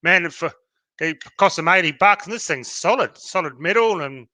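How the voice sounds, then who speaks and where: A man's voice: on the high side, lively intonation, moderate pace, sharp tone, dry recording. An Australian man co-hosting a podcast, chatting casually and reading out viewer comments with plenty of fillers. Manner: laid-back, lots of fillers, reads viewer comments aloud. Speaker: podcast co-host. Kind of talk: casual chat.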